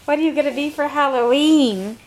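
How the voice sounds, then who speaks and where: A woman's voice: high voice, brisk, heavy background noise. A young woman filming her toddler at home, coaxing her in a sing-song voice of baby talk. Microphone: handheld camera.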